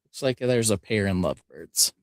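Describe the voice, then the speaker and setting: Male host, relaxed live-stream chat, talks through the build step by step, dry close sound. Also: on the low side, normal speed, no room sound. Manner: easygoing, explains steps as he builds.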